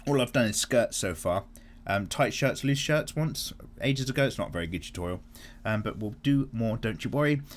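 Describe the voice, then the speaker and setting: A man hosting a casual art vlog, chatting and answering viewer comments in an animated way, swearing freely as he goes. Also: lowish voice, moderate pace, a little hiss or hum. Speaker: art channel host.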